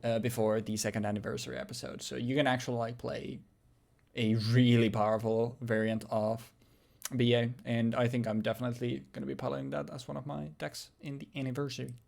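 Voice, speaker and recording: A young man chatting casually as co-host, voice pitched at an ordinary middle height. He talks loosely, joking around with plenty of fillers and a swear here and there. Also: flat delivery, a little fast, gravelly, a little mellow. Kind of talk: casual chat about a card game.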